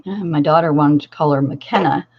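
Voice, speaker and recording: A woman's voice: low voice, moderate pace, highs cut off. An older woman, a grandmother and crafting channel host, telling a family story in a casual, rambling way full of fillers and restarts.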